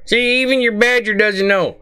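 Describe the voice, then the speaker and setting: A man's voice: high-pitched, steady tone, normal speed, sharp tone, slight background noise. A man hosting a comic reaction video, grumbling in a folksy, rambling way.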